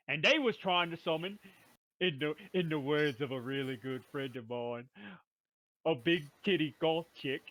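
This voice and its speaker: A man recapping a tabletop game session in a playful, rough-talking manner, full of slang and asides. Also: a little high, pushed and bright, no echo. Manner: playful rough-talking brute drawl, "me brother", "we was".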